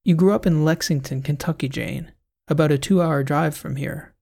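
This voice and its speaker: Male reader as a steady, coaxing doctor in a sci-fi audiobook, gravelly tone. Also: fairly high pitch, normal speed. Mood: patient. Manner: patient, coaxing. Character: calm male hospital doctor, patient. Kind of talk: audiobook character voice.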